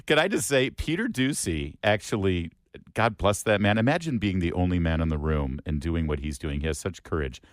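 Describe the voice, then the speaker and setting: A man's voice: deep voice, expressive, fairly quick, no echo, studio quality. A man from Detroit hosting a morning talk radio show, wry and commenting on clips. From Detroit, USA. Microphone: studio microphone.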